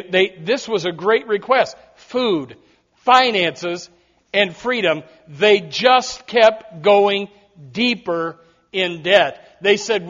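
A man's voice: high voice, a bit bright. A man preaching a sermon as pastor, emphatic and repetitive, with frequent direct asides to his congregation. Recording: dull lo-fi sermon recording.

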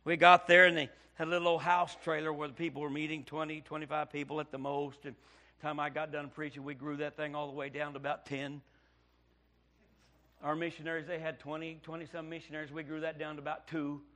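A middle-aged male pastor, telling his story in a sermon, dropping to hushed tones and then bursting out loud. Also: on the high side, little pitch movement, quick pace. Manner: preaching with sudden loud outbursts and hushed storytelling. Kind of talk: sermon testimony.

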